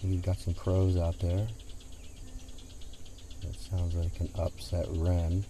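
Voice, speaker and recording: A singer-songwriter chatting casually between songs in a rambling way, recorded outdoors on a porch with a portable recorder. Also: male voice, sits low, flat delivery, slow pace, pauses often. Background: acoustic guitar playing.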